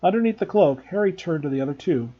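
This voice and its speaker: A man, a teacher, narrating a storybook reading aloud in an expressive, measured way. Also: a little high, highs cut off.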